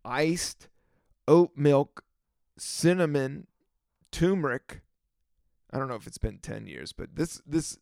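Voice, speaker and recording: A man's voice: medium pitch, gravelly, no room sound, clean studio sound. A young man hosting a podcast, riffing casually and laughing often in a loose, rambling way. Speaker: podcast host.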